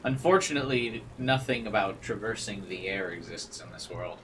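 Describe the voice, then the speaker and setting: A man's voice: lowish voice, normal speed, fairly bright tone, distant mic, slight background noise. A man streaming a game, chatting and joking in a rambling way. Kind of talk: gaming commentary.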